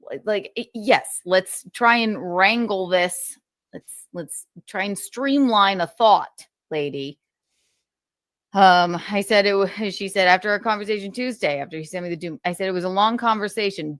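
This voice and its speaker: A woman's voice: lowish voice, fairly bright tone, no room sound, clean studio sound. Exasperated, swearing woman ranting. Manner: profane, rambling, exasperated. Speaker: streamer recounting a feud. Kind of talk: heated casual rant.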